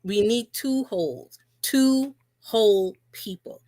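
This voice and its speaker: A woman's voice: fairly high pitch, slow pace, dark tone, dry recording. A woman co-hosting a live talk about relationships, speaking earnestly and repeating key phrases for emphasis. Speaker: co-host.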